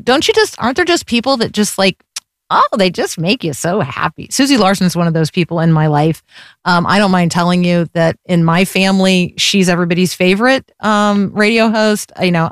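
A woman hosting a faith radio show, speaking in a reflective, unhurried way and closing with an encouraging exhortation. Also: lowish voice, dry recording, clean studio sound. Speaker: radio host. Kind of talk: faith radio interview and sign-off.

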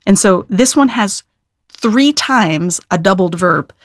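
In an interview, a middle-aged female Old Testament scholar earnestly explains scripture, often restarting her sentences and stressing words emphatically. She speaks slowly in an expressive, medium-pitched voice.

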